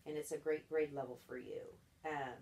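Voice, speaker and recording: A woman's voice: low voice, normal speed, creaky, a little mellow. A woman tutoring a child in reading one-on-one, patient and encouraging, explaining each step.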